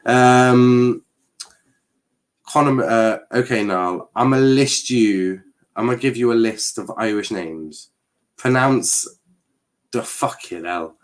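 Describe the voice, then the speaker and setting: A man's voice: mid-range voice, takes it slowly, long pauses. An English man hosting a live stream in casual chat, laughing often, repeating words and reading out viewer comments with sarcastic asides.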